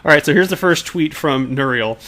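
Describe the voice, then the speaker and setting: A man's voice: on the high side, brisk, fairly bright tone. A man hosting a crypto news channel, giving casual commentary on news pieces and tweets with frequent chuckles, amused asides and self-corrections.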